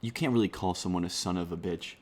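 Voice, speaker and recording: Young male YouTuber, deep voice, sarcastic rambling comic commentary. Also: fast talker, a little mellow. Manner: sarcastic, rambling, swears freely. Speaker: comedy YouTuber. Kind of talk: casual comedic commentary.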